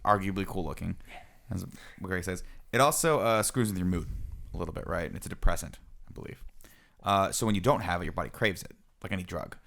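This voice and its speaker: A man's voice: sits low, brisk, gravelly, fairly bright tone. A man in his thirties, a podcast co-host, telling a self-mocking story in casual chat. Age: 30s.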